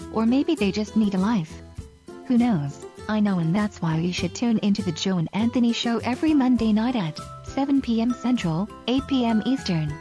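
A woman's voice: fairly high pitch, mellow. A woman voicing a profane station promo, brash and mocking. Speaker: show promo voice.

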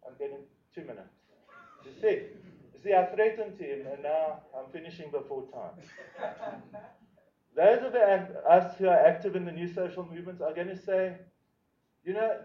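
A man giving an impassioned, rhetorical speech to a meeting, calling the audience comrades. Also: on the high side. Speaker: activist speaker. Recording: roomy, distant, dull hall recording.

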